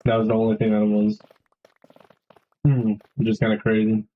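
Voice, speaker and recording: A man's voice: on the low side, monotone, a little fast, phone-quality sound, slight background noise. A young man streaming a game, rambling casually to his chat and swearing often.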